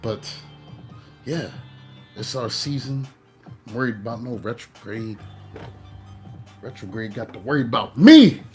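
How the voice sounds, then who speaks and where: A man hosting his own tarot channel chats in a laid-back, slangy, talkative way before leading a spoken blessing. His mid-range voice is steady and unhurried, with long pauses, and soft music plays in the background.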